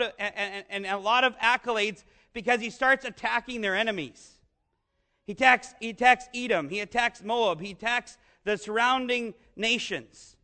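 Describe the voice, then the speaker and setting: High-voiced, bright pastor preaching. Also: male voice. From northern United States. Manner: conversational, asks the congregation questions, jokes. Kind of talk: sermon.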